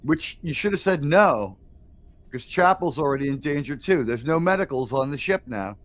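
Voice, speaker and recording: A man's voice: on the high side, animated, moderate pace, slight background noise. Blunt, profane man hosting a reaction chat. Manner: blunt, profane, laughs often. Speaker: host.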